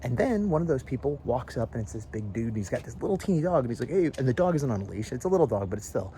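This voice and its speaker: A man's voice: mid-range voice, very fast, slight background noise. A man chatting casually in a vlog, rambling as he tells stories outside his house at dusk. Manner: rambling, animated storytelling with mimicked voices. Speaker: vlogger. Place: outdoors in front of a house at dusk.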